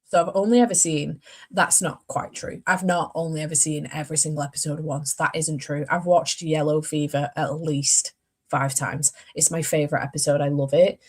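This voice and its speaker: Young woman, casual book vlogger, chatty and rambling, self-correcting, slightly low pitch. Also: fairly even intonation, moderate pace, breathy edge. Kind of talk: casual chat.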